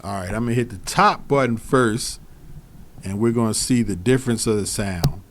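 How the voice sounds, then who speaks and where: Relaxed man reviewing studio mics. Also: on the low side, moderate pace. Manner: relaxed, repeats phrases, talks straight to viewers. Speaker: DJ reviewing microphones. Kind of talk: casual product review. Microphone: studio microphones he switches between.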